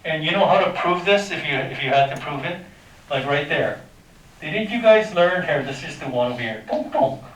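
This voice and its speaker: A man's voice: a little high, lively intonation, moderate pace, a bit bright. A man teaching a math lesson to a class, talking informally, quizzing his students and making sound effects. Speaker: high school math teacher. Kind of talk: classroom lecture. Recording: echoey classroom from far off.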